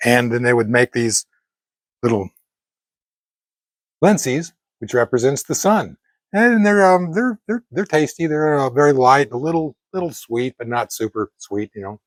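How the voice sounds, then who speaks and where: A man's voice: mid-range voice, animated, dry recording. Older male vlogger, mid-range voice, rambling casual delivery, dry recording. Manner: chatty and meandering, with frequent pauses and self-corrections. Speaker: fitness vlogger cooking at a grill. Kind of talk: casual talk to camera. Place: outdoors at a backyard grill.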